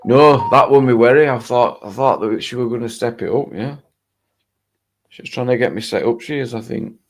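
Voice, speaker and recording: A man's voice: mid-range voice, normal speed. Chatty man on a live stream. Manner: chatty storyteller, laughs often. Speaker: host of a live chat panel. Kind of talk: casual chat.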